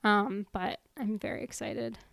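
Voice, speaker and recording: A woman's voice: mid-range voice, steady tone, unhurried, gravelly, fairly bright tone, no room sound. A woman co-hosting a podcast, chatting casually and emotionally about a TV show and agreeing often. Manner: emotional, agreeable, lots of backchannel. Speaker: podcast co-host. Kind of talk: casual chat reviewing a TV show.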